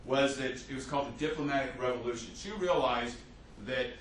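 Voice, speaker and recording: A man teaching a history class as a lecturer, telling the story with lively restarts and fillers. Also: medium pitch, fairly quick. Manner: animated storytelling with many restarts. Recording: echoey classroom from a distance, faint hiss.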